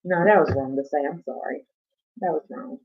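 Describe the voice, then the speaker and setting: A woman's voice: low voice, moderate pace, creaky. A woman hosting a casual live stream from home, rambling, chatting to viewers and swearing casually. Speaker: livestream host. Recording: dull lo-fi stream audio.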